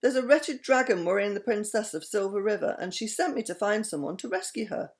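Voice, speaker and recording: A woman voicing a brisk little male gnome who flies an aeroplane in a storybook reading. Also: medium pitch, expressive, lightly acted. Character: small long-nosed gnome aeroplane pilot, male.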